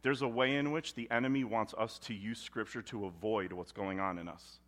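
Conversational male preacher, loud to hushed. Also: fairly low pitch, steady tone, normal speed. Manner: conversational, swinging between loud emphasis and hushed intensity. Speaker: pastor. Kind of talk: sermon.

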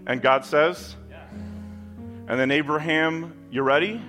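A man's voice: a little high, normal speed, a bit bright, faint music behind. A man preaching a sermon in a conversational style, with emphatic asides to the congregation. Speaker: pastor. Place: church with kids in the room.

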